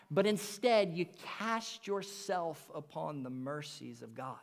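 High-voiced guy preaching a slow sunday sermon in a church, big hall echo, gets loud then drops to a whisper. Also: lively intonation, creaky. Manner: earnest preaching, rises and drops to near whisper. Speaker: pastor. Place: church sanctuary.

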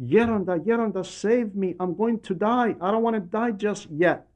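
A man's voice: sits high, fairly even intonation, unhurried, a little mellow, pitched above the performer's own voice. A man voicing an ailing male politician who pleads and then makes effusive promises. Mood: pleading.

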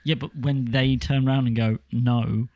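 A man's voice: medium pitch, steady tone, moderate pace, darkish tone, lo-fi sound. A man co-hosting a podcast, chatting casually with dry, teasing humor. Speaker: podcast co-host. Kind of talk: casual comedic chat.

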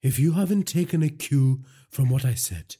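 A man's voice: mid-range voice, normal speed, mellow, husky, voice pushed up, natural voice. A man voicing a frightened, stammering police constable in an audiobook, hesitant and defensive. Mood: tense, defensive. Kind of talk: audiobook character voice.

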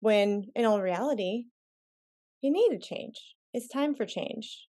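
Woman host giving steady agreeing replies. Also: fairly high pitch, slow. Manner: frequent short agreeing replies. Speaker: interview host. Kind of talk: casual interview chat.

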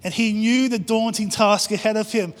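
A pastor with a high voice preaches an impassioned sermon to his church at a normal speed, his tone steady. He acts out prayers and quotes, and the recording carries a long hall reverb.

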